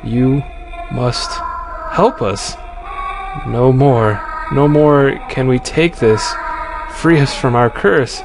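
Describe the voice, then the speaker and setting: A man voicing trapped ghostly spirits from a game, reading their pleas slowly and solemnly over game music. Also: mid-range voice. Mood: pleading.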